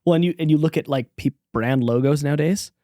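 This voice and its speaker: A man hosting a podcast, enthusiastic and quick to agree, chatting casually. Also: fairly high pitch, warm tone, no room sound, clean studio sound. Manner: enthusiastic, frequent agreeing interjections. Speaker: podcast host.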